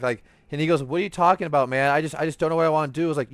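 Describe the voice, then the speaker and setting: A man hosting a gaming podcast, telling stories in casual, profane, animated chat while he plays. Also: a little high, fast, hardly any pauses, clear, resonant tone, dry recording, studio quality. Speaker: streamer and podcast host.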